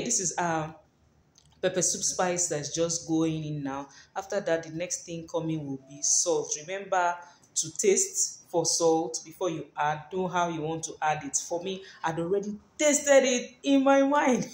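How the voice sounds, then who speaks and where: A woman's voice: on the low side, a little mellow. A woman hosting a cooking video. She chats playfully and talks straight to her viewers while she cooks. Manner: chatty and playful, addresses viewers directly. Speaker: cooking channel host. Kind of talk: cooking demonstration vlog. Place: home kitchen. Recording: echoey kitchen room.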